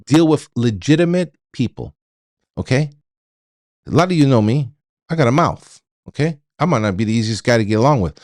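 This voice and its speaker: Blunt ranting man, lively pitch. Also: a little fast, no echo, clean studio sound. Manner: blunt, repetitive, stammering restarts. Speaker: trucking show host. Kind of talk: ranting monologue to viewers.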